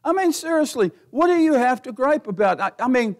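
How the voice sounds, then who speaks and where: Folksy high-voiced gravelly preacher. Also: male voice, big pitch swings, fairly quick. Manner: folksy, laughs often, builds to near-shouting. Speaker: pastor. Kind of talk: sermon.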